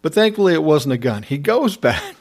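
A man's voice: on the high side, sing-song, brisk. A middle-aged man casually telling a personal story, wry and often laughing as he goes. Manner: wry, laughing, self-described smart aleck.

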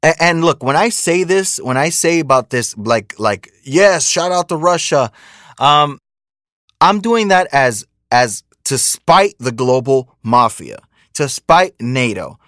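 A man's voice: on the high side, expressive, slow, a bit bright, no echo, studio quality. A man hosting a podcast, ranting through casual political commentary, repeating himself and mocking his critics. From United States. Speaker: podcast host.

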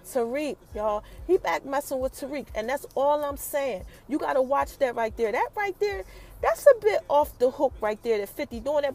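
A woman with a high voice talks through a TV episode as its recap host. Her pitch leaps up and down as she tells it. She keeps it loose and chatty and turns often to her listeners. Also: normal speed, creaky. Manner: animated storytelling, acts out characters' quotes, addresses listeners as y'all.

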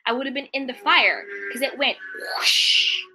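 A woman's voice: sits high, moderate pace, music in the background. A woman hosting a self-help video, talking earnestly about gratitude and mindset in a casual monologue, repeating affirmations and briefly mimicking complainers. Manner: earnest, repetitive affirmations, acts out complaining voices.

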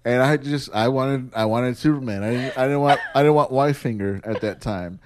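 A man's voice: medium pitch, normal speed, background noise. A man hosting a casual home podcast, telling a story with lots of laughter and playful voices. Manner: laughing storyteller, mimics his wife. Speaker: podcast host. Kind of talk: casual chat.

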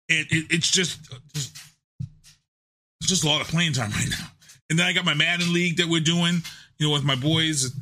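A man's voice: on the high side, pushed and bright. A man hosting his live podcast in a home studio on a desk microphone, chatty and loose, often repeating himself. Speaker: podcast host. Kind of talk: casual live show talk. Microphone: desk USB microphone.

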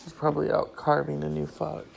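A man's voice: fairly high pitch, completely flat delivery, fairly quick, creaky. A tired man hosting his own show, chatting in a rambling, casual way with crude asides and plenty of swearing.

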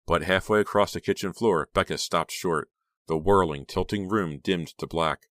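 Deep-voiced male audiobook narrator. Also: moderate pace, fairly bright tone, dry recording, studio quality. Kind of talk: scripted horror audiobook narration.

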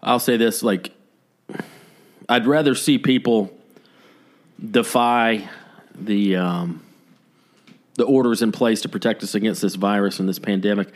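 A man's voice: lowish voice, measured pace, long pauses. A man co-hosting a casual podcast chat, talking in a rambling, hesitant way with many fillers and restarts. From United States. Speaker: podcast co-host. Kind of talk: casual conversation.

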